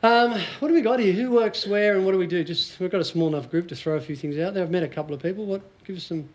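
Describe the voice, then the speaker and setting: Chatty Australian man, high-pitched coach. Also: quick pace. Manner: joking, chatty, quizzes the audience. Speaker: business coach speaking to a small group. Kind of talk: casual motivational seminar talk.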